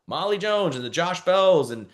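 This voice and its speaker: A man leading a team video call, giving an energetic motivational talk full of repetition and calls for the group to answer back. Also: high voice, normal speed. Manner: energetic, repeats phrases, calls for responses. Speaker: team leader.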